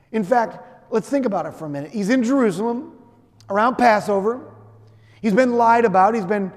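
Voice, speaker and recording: A middle-aged pastor with a high voice preaches in a casual, storytelling way and keeps turning to ask the listeners questions. His voice rings with the long reverb of a big hall. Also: moderate pace, darkish tone. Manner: conversational, storytelling, asks listeners direct questions. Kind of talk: sermon.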